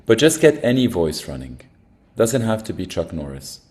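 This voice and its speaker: A man's voice: sits low, sing-song, moderate pace, darkish tone. Upbeat jokey man co-hosting a workshop. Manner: upbeat, jokey, directs participants. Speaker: workshop co-host. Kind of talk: live online workshop.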